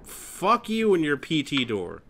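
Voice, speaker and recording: A man's voice: on the high side, wildly swooping pitch, measured pace, vocal fry, pushed and bright. A man hosting a horror game let's play, nervous and jumpy, swearing often and cracking self-mocking jokes.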